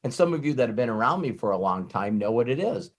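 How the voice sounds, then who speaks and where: A man giving an off-the-cuff motivational talk as a network marketing trainer, rambling and animated, swearing freely and often breaking off and restarting his sentences. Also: medium pitch, fast. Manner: frequent restarts and self-interruptions.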